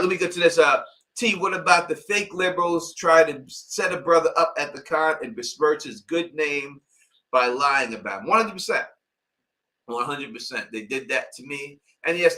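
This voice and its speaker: A man's voice: medium pitch, bright, forceful tone, rough recording. A man with a New York accent hosting a casual live-stream Q&A, talking emphatically and insistently. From Queens, New York. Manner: emphatic, insistent, repeats "you know what I mean". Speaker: YouTube channel host.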